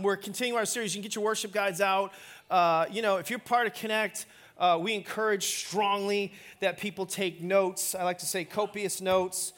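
High-voiced, playful male pastor preaching. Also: fairly bright tone. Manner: playful, self-mocking, prompts the congregation. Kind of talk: sermon.

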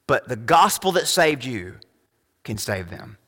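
A young adult man preaching a sermon as pastor, emphatic, rising to loud high peaks. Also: big pitch swings, measured pace, slightly rough, long reverb tail.

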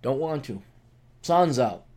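Man, podcast host, casual monologue, sarcastic, ranting, animated pitch. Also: takes it slowly.

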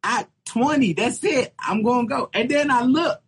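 Husky man telling animated stories. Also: moderate pace. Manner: animated, jumps into high-pitched exclamations when telling stories. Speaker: podcast co-host. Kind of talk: casual comedic storytelling.

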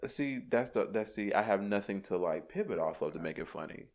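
A young man, a podcast guest, talking in an animated, rambling way with many restarts. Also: fairly low pitch, brisk. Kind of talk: casual chat.

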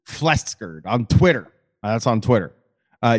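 A man's voice: mid-range voice, big pitch swings, unhurried, a little mellow. A man co-hosting a casual chat show, steadily reading listener letters aloud and chatting in a laid-back way with some swearing. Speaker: podcast co-host.

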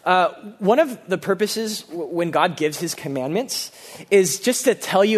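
A man preaching a sermon as pastor, earnest and conversational, with frequent restarts and sudden low, quiet drops for emphasis. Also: animated, moderate pace.

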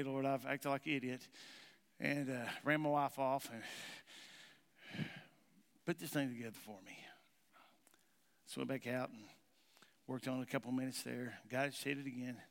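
A man's voice: mid-range voice, vocal fry, fairly bright tone. A man preaching a sermon as pastor, telling a folksy story and quizzing his congregation. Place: church sanctuary. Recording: reverberant church hall.

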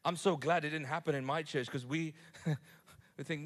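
A man preaching a sermon to his congregation, lively, repeating words and building to loud climaxes. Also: a little high, normal speed. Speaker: pastor.

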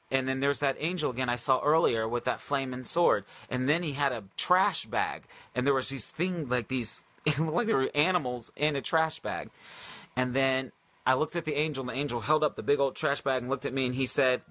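A man hosting a livestream, telling a story casually in a rambling, animated way with many fillers and restarts. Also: mid-range voice, a little fast, no room sound. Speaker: livestream host.

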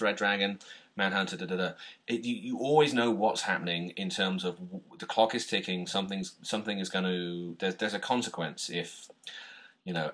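A British man co-hosting a podcast, chatting casually about a film, animated, laughing often and restarting his sentences. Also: low-pitched. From Britain. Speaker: podcast co-host.

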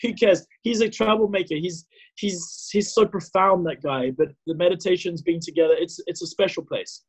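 A man from South Africa in his thirties, telling a personal story as a podcast guest, animated and full of fillers. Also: high-pitched, moderate pace, breathy edge, low-quality recording. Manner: animated, acts out his own past dialogue, many fillers and restarts. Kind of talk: casual storytelling.

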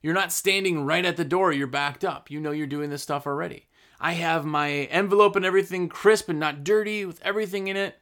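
Blunt gravelly guy talking shop about first impressions, kinda high voice, leans hard on key words. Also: fairly bright tone. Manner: blunt, emphatic, slows down to stress points. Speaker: business owner. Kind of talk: casual business advice talk.

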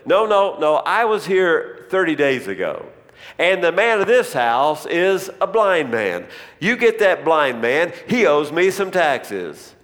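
A man voicing a greedy, gruff male tax collector who talks in a brusque, dismissive way, recorded in a reverberant hall. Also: fairly high pitch, sing-song, slow pace, a bit bright, heavily acted. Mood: impatient. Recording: long reverb in a large hall.

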